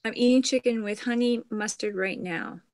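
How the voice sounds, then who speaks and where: A middle-aged woman from Canada chatting casually on a craft livestream, meandering and trailing off into soft murmurs. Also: a little high, normal speed, dry recording.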